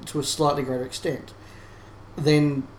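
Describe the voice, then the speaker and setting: A man with a fairly high, level voice co-hosts a casual podcast, speaking unhurriedly in a thoughtful, analytical way with frequent restarts. The sound is roomy, with faint hiss in the background.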